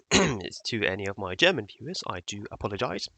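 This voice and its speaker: A man's voice: on the low side, sing-song, a little fast, gravelly, pushed and bright, no room sound. A man presenting his model builds in a casual tutorial vlog, hesitant with many fillers.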